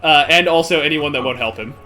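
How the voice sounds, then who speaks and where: A man's voice: fairly high pitch, sharp tone, faint music behind. A young man running a tabletop game as game master, narrating casually with frequent laughs. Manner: casual, laughing, quick asides.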